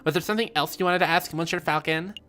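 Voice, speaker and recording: A young cat noblewoman chatters brightly in a high, valley-girl lilt, as a man puts her on, with faint music playing behind. Her voice sits well above a man's usual pitch. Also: fast. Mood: bubbly. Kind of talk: reading game dialogue aloud.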